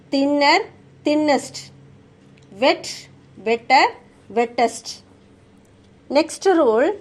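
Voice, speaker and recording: A woman with an Indian English accent teaching a grammar lesson, slowly reciting word lists for the class. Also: high-pitched. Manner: slow, drilling recitation of word forms.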